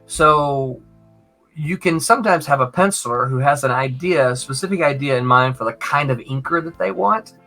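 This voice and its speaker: With faint music behind him, a man with a fairly high voice speaks at a moderate pace in a storytelling interview about his years as a comics editor. He's animated, acting out the voices of people he quotes and often checking in with "right?"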